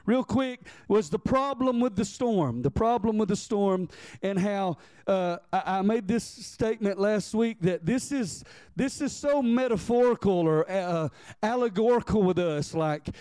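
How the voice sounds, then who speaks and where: A man preaching a sermon as pastor. He reads scripture in old-fashioned wording, calls on the congregation to answer back, and slows down to stress key phrases. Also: sits high, darkish tone, clean tone, no room sound.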